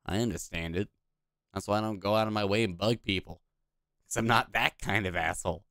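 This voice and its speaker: A man's voice: fairly low pitch, a little fast, sharp tone, no echo, studio quality. A man casually commenting on a video game he is playing, blunt, profane and rambling. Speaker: gaming video host.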